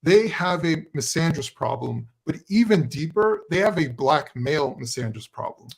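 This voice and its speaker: A man speaking as a guest on a live panel discussion, animated and sarcastic, mimicking others' voices. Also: fairly high pitch, moderate pace, vocal fry, slightly rough.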